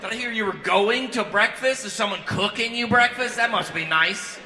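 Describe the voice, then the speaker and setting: A man's voice: sits high, moderate pace, sharp tone, voice pushed up, heavily acted. A man voicing an exasperated young mother of three who drawls sarcastically about how nice someone else's life sounds. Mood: sarcastic. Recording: echoey hall, crowd noise.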